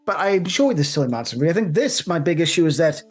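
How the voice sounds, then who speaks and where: Animated man complaining in casual debate. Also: fairly high pitch, fast, breathy edge, faint music behind. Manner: animated, complaining, acts out voices mid-sentence. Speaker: co-host debating a film.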